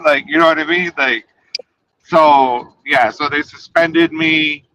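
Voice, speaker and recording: A man chatting casually, rambling through a story, his voice fading quietly at the ends of his sentences. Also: on the high side, fairly even intonation, a little slow, rough recording. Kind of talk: casual chat.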